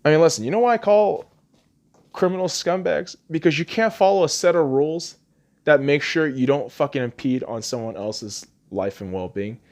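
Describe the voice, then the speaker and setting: A man on a podcast rants in a heated, profane voice, sitting a touch higher than most men. His pitch jumps sharply from near-shouts down to grumbling asides. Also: animated, normal speed. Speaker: podcast host. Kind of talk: angry podcast rant.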